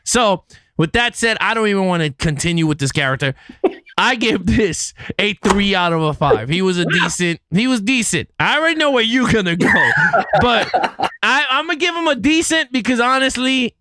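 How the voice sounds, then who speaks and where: Lively high-voiced man reviewing movies. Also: moderate pace, no room sound. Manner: animated, joking, trails off and restarts. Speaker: podcast co-host. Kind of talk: casual movie review chat.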